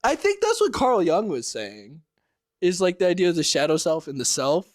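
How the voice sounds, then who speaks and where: A man's voice: high voice, very animated, moderate pace, no room sound, studio quality. A man co-hosting a podcast in casual chat, joking and laughing often. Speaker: podcast co-host.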